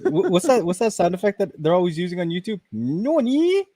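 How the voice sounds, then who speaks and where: A man's voice: high-pitched, very animated, fairly quick, mellow, no echo, studio quality. A man co-hosting a casual streaming podcast, teasing and joking with his partner. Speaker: podcast co-host. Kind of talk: casual livestream chat.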